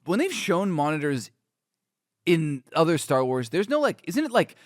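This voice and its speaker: A man's voice: a little high, normal speed, no room sound, studio quality. A young man co-hosting a podcast, riffing and joking animatedly about a comic book. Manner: animated, questioning, riffing with jokes. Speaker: podcast co-host. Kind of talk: casual comic book discussion.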